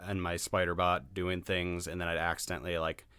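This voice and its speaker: A man co-hosting a podcast in casual chat, blunt and quick to laugh. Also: deep voice, level tone, sharp tone, clean tone, no echo. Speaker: podcast co-host.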